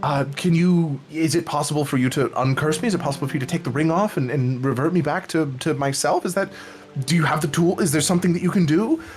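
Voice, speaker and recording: A man's voice: on the high side, sing-song, normal speed, long pauses, voice pushed up. A man voicing a nervous, stammering elf cursed into a raccoon in a tabletop game. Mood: anxious. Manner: stammering, eager.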